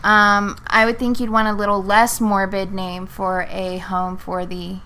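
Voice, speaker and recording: Woman podcast co-host, bright tone, casual and playful. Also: mid-range voice, little pitch movement, measured pace, smooth. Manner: playful, teasing. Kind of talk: casual movie chat.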